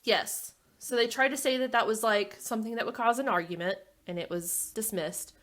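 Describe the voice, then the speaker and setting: A woman's voice: a little high, normal speed, fairly bright tone. A woman co-hosting a casual true crime podcast, walking through case details in a chatty way with frequent asides. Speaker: podcast co-host.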